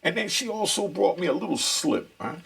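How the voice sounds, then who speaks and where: A man's voice: high-pitched, lively intonation, brisk, gravelly, a bit bright, husky. A middle-aged man telling a story in a laid-back, streetwise way, full of slang and asides. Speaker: storyteller recounting prison life. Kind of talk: casual storytelling.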